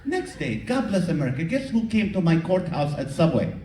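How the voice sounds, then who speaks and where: Animated high-voiced comedian in echoey hall. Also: male voice, fairly quick, far from the mic, slight background noise. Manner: animated, acts out characters and crowd work. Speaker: stand-up comedian. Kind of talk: stand-up comedy set. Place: comedy show venue with audience. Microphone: far camera recording from audience.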